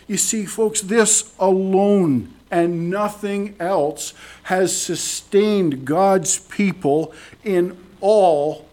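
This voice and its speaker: High-voiced preacher, slow and earnest. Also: male voice. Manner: earnest, swings between hushed and emphatic; repeats phrases for emphasis. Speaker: pastor. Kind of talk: sermon. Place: church service.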